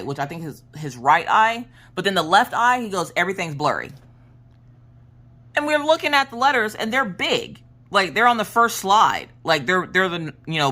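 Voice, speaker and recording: Craft vlogger mom, lowish bright voice, chatty storyteller who laughs a lot. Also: female voice. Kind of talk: casual storytelling chat while crafting.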